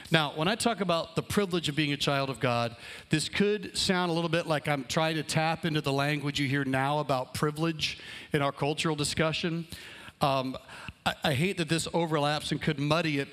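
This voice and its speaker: A man, a pastor and father, preaching a relaxed, conversational sermon to his congregation. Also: fairly high pitch. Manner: conversational, explaining plans aloud. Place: church hall with congregation.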